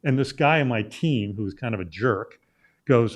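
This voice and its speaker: This talk show guest, a middle-aged sports journalist from Illinois, casually spins a long anecdote riddled with "uh" fillers and restarts. His mid-range voice is expressive and moves at a normal speed, and the recording's highs are cut off.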